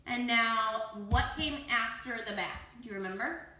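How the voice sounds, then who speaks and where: Bright, playful woman leading kids' yoga. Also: on the high side, normal speed. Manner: encouraging, playful, cueing poses and breaths. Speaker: kids yoga teacher. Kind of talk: guiding a children's yoga class. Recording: echoey room.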